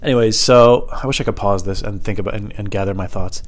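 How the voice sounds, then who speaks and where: A man's voice: fairly low pitch, fast talker, dry recording. A man hosting a rambling solo podcast, self-deprecating and swearing a lot, a bit out of breath as he smokes on the wooden basement stairs at home into a small wired microphone. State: out of breath, smoking. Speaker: podcast host.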